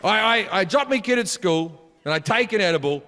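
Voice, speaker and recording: A man performing a stand-up routine, profane and bursting into shouts. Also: high voice, animated, a little fast, a faint crowd. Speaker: stand-up comedian. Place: theater stage before a live audience. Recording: long hall reverb with audience noise.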